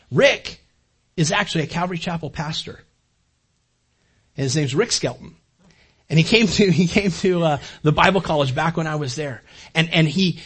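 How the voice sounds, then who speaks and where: A man's voice: on the high side, breathy edge. An older man preaching a sermon as a pastor, talking to the congregation in a conversational way and often repeating words while he builds a point.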